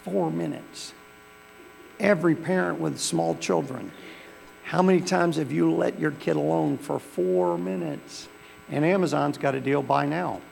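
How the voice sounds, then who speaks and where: A man's voice: fairly high pitch, a little slow, vocal fry, darkish tone. A male pastor, preaching a sermon in a church with folksy storytelling that swells into fervent preaching. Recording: long hall reverb with faint mains hum.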